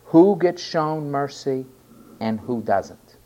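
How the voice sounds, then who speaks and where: A man preaching a sermon, stressing key words loudly and then dropping to quiet asides. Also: on the high side, animated, measured pace, long pauses, muffled recording. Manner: emphatic, swinging between loud stresses and quiet asides.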